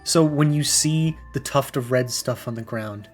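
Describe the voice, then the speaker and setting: A man's voice: medium pitch, unhurried, soft background music. A young man co-hosting a podcast, giving an opinionated, critical take in casual rambling speech. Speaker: podcast co-host. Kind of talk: casual chat.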